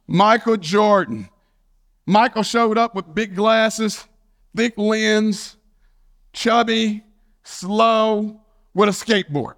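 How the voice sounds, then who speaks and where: A male pastor giving a storytelling sermon, moving from a childhood anecdote into scripture. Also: high voice. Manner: storytelling, animated, with shouted quotes of a friend's catchphrase.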